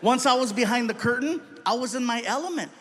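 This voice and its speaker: A man performing a stand-up comedy routine, telling a story with lively acted-out voices and sudden loud bursts. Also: extremely high pitch, quick pace. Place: live comedy stage.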